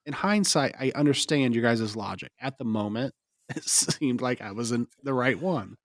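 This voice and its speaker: This young co-host has a mid-range voice and a moderate pace, wandering through a story in casual podcast chat and laughing in bursts. The recording is dry and studio quality.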